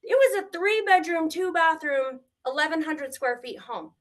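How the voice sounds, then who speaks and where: A middle-aged woman, a grandmother, telling her story as a guest on a live stream, animated and emotional, acting out what people said. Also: high voice, moderate pace. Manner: animated, tearful at times, quotes people in shifting voices.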